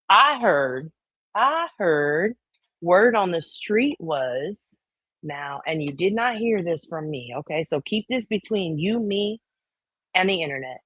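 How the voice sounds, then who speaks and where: This livestream host has a husky, mid-range, slightly bright voice and swears freely as she gossips about online drama. She reads comments from chat aloud in a conspiratorial way and performs the voices she quotes, with no room sound at all.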